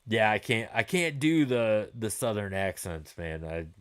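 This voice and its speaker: A man's voice: fairly low pitch, big pitch swings, a little slow, a bit bright, clear, resonant tone. A man in his forties hosting a gaming live stream, chatting with viewers in a rambling, laid-back way and swearing freely.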